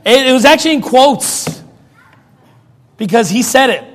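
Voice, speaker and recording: A man preaching in a mocking, sarcastic rant, now and then bursting into shouts. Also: very high voice, expressive, moderate pace. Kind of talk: ranting commentary. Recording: long reverb.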